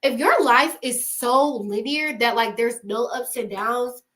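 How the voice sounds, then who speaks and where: Woman, young adult, high voice, emphatic slangy pep talk, casual vlog advice. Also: unhurried, a bit bright. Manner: emphatic, slangy, laughs often. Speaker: YouTuber giving advice. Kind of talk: casual motivational talk to camera.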